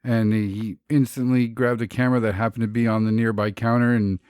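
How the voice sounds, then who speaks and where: Man, average pitch, casual podcast banter, laughs a lot, dry close mic. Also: little pitch movement, brisk, a little mellow, clear, resonant tone, dry recording. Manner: laughs a lot, riffs on jokes, narrates photo stories. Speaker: podcast co-host. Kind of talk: casual comedic chat.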